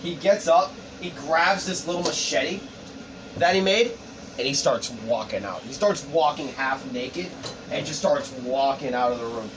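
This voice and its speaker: A man narrating a story pitch in a rambling, profane, casual way with lots of fillers. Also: a little slow. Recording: distant mic, background noise.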